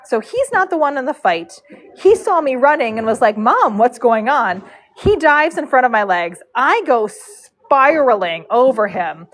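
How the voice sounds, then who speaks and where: A woman telling a rambling, animated story on a casual livestream, with frequent fillers. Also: sits high, moderate pace, low-quality recording. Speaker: horse braider and live streamer.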